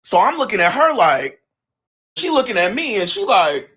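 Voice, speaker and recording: A young man casually telling a long family story, animated and quick to act out what each relative said. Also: high-pitched, breathy edge. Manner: animated, acts out family members' lines in his own voice. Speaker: guest telling his story.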